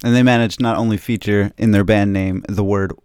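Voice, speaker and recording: A man's voice: on the low side, steady tone, brisk, a little mellow, clean tone, no room sound. A man hosting a casual radio music show with a laid-back, dry-humored way of talking into a studio mic.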